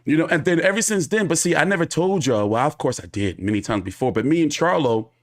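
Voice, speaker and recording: A male boxing commentator tells a story in a loose, profane monologue. His fairly high voice swings widely up and down as he acts out the people he quotes. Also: lively intonation, fast talker. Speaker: boxing commentator and show host.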